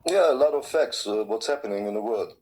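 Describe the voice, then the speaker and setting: A man's voice: lowish voice, lively intonation, fairly quick, a little mellow, a little hiss or hum, poor audio. A man calling into a live stream to argue, speaking loose, ungrammatical English. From Europe. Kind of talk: call-in debate.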